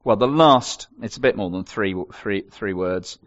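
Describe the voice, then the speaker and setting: A man's voice: on the low side, a little slow, muffled recording. An older man preaching a sermon, telling stories with wry humour. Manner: expressive storytelling with wry humour.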